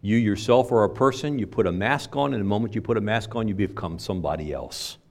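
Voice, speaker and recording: An older man preaching a sermon in a conversational way, with loud stressed phrases and quiet asides. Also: on the low side, fast. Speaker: pastor.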